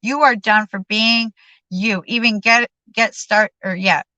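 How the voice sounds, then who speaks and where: A woman voicing a brash, blunt man friend who talks loud and bossy. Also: medium pitch, steady tone, a little slow, no room sound. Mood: scolding. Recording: dull lo-fi sound.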